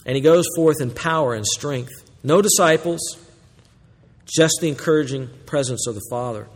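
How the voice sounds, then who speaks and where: Pastor, male, high-ish voice, dynamic sermon delivery swinging soft to loud, long reverb of a big sanctuary. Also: moderate pace. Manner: dynamic preaching, swinging from hushed to loud exclamations.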